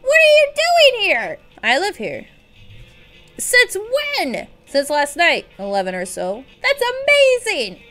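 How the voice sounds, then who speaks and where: A woman voicing an excitable young male game character, squealing and overjoyed as she reads his lines. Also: sits high, slow, faint music behind, pitched above the performer's own voice, heavily acted. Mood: thrilled.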